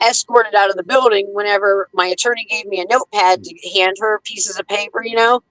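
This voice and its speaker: Woman guest, heated, swearing freely, mid-pitched voice, acts out quotes in her story. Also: fairly even intonation, brisk, fairly bright tone, no echo, poor audio. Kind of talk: casual chat.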